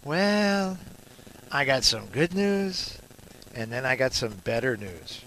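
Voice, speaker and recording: Bright-voiced rambling radio host man. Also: mid-range voice, very animated, a little hiss or hum, low-quality recording. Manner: rambling and jokey, with many filler pauses. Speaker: radio talk show host. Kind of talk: casual radio chat. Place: live remote broadcast at a garden store.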